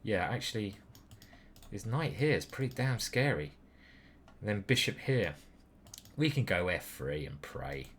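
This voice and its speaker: A young British man talks through his own online chess games. He is cheeky and foul-mouthed, trading loud whoops for quiet mutters. His voice is bright and forceful, with pitch that leaps around in animated swings. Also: measured pace, long pauses, a little hiss or hum. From Britain. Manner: playful, cheeky and profane, with sudden loud whoops and muttered asides. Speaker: chess grandmaster streamer.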